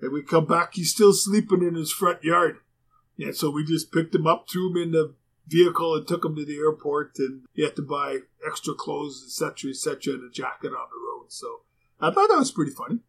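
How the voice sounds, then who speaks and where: Man, raspy and gravelly voice, slightly higher pitch, rambling casual storyteller, ex-hockey player. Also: a little fast. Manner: rambling, relaxed, with frequent fillers and restarts. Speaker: former pro hockey player, guest.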